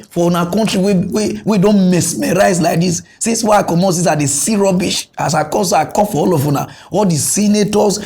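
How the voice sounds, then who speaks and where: Male comic host, Nigerian Pidgin accent, high-pitched, animated satirical rant. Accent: Nigerian Pidgin English. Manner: animated ranting, switching between loud outbursts and low mutters. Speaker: comedy news host. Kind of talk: satirical comedy monologue.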